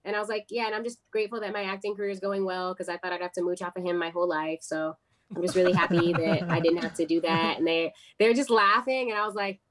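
A woman's voice: fairly low pitch, quick pace. An American woman, a guest actress, telling stories in a casual interview and acting out the voices of the people in them. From United States. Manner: animated, acts out quoted voices of people in her stories.

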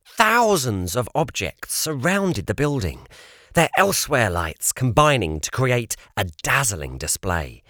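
Slow, expressive male storyteller. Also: mid-range voice, dry recording, clean studio sound. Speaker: narrator. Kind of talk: audiobook narration.

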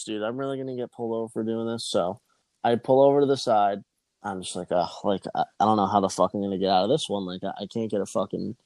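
A man's voice: on the low side, a little mellow, dry recording. A man in his twenties telling a long story in casual chat, rambling and swearing, with frequent restarts.

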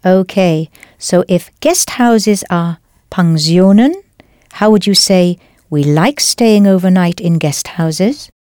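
Female instructor, patient and clear, scripted lesson narration, dry booth. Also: lowish voice, slow pace, warm tone, no echo. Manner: patient, clear, explains step by step. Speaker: language teacher.

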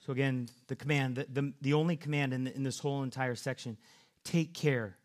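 A man's voice: mid-range voice, level tone, quick pace. A man preaching a sermon, earnest, often repeating and restarting words.

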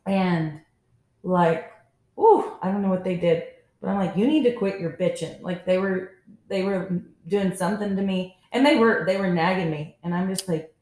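A woman's voice: on the low side, steady tone, moderate pace, a little mellow. A young woman co-hosting a podcast, telling a candid, wry story from her college days. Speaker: podcast co-host. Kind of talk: casual storytelling chat. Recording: roomy echoey sound.

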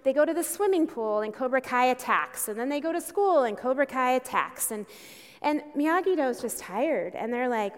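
A woman's voice: sits high, expressive, normal speed. Storytelling woman pastor in a reverberant hall. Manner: conversational storytelling, with emphatic bursts. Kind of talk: sermon. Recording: long reverb in a church hall.

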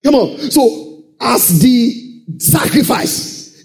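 Animated preacher with sung shouts. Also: male voice, high voice, moderate pace. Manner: animated call-and-response preaching, sudden shouts and sung phrases. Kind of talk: sermon.

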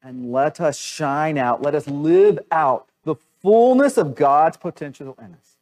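A male pastor preaching a sermon, animated, slipping into a raised voice when he mimics doubters. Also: fairly high pitch, a little slow.

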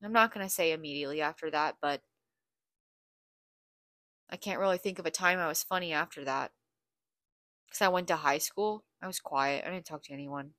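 A woman's voice: sits low, normal speed, pauses often, fairly bright tone, no room sound, studio quality. A young woman hosting a podcast, talking in a blunt, candid, profane confessional monologue. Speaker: podcast host.

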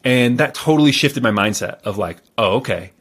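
A man with a mid-range voice tells stories as a guest on a podcast in a casual interview. He speaks in a calm, measured way, though fillers and restarts come often.

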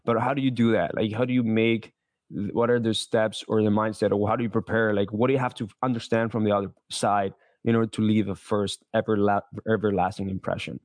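A man's voice: lowish voice, level tone, brisk, darkish tone, no echo, studio quality. A man hosting a podcast interview, asking questions casually and restarting his phrasing as he goes. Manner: searching, repeats words while asking. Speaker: podcast host.

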